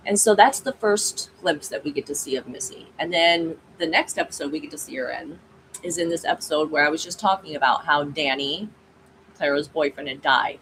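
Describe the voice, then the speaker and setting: A woman's voice: deep voice, a little fast, fairly bright tone, slight background noise, low-quality recording. A woman hosting her own channel, chatting casually and rambling through a story with frequent asides to viewers. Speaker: channel host.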